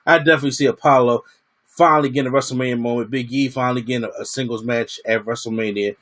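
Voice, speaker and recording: A man's voice: medium pitch, quick pace. A man giving a casual, slangy wrestling review, acting out what the wrestlers said. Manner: animated, slangy, acts out quotes.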